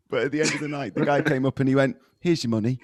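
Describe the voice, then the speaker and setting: A man's voice: a little high, flat delivery, fast talker, dry recording. Brief: male podcast co-host, laughing storyteller, dry booth sound. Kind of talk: casual chat.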